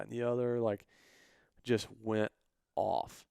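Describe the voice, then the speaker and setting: A man's voice: fairly low pitch, takes it slowly, gravelly, clean tone, no echo, studio quality. A man, co-hosting a podcast, telling a story in a casual way and acting out the people he quotes. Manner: animated, acts out quoted voices. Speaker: podcast co-host.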